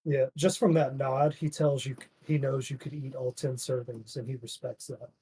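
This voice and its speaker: A man's voice: mid-range voice, flat delivery, normal speed, dark tone, slight background noise, poor audio. A man narrating as game master, voicing the townsfolk with "he says" and "she says" before each line. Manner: plays the merchant and innkeeper voices with "he says".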